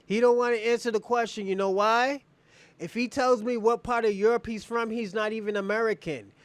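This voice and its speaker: A man with a strikingly high voice hosts a heated livestream. He taunts and mocks the people he addresses, often laughing as he goes. The sound is dry, with no room echo. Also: steady tone, fairly quick. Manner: taunting, mocking, breaks into laughter. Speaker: livestream host. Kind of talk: heated live commentary addressing viewers.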